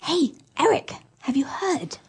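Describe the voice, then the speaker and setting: A woman voicing a gossiping female office worker in a scripted lesson dialogue, with a breathy voice. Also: sits high, sing-song, unhurried, mellow, a little hiss or hum. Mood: conspiratorial.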